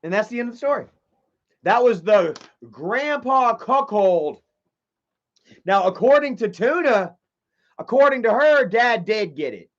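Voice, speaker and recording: A man's voice: extremely high pitch, lively intonation, unhurried, pauses often. A man streaming live, telling a long, rambling, profane personal story and reading chat messages aloud. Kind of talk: livestream storytelling. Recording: dull lo-fi stream audio.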